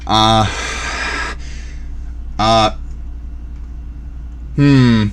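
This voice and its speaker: Rambling low-voiced young male streamer. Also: slow pace, pauses often. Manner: rambling, scattered, bursts into yelling. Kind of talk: casual live-stream chat.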